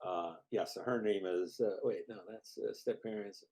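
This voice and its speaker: Deadpan cheeky player, man. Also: on the low side, normal speed. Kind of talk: tabletop game role-play.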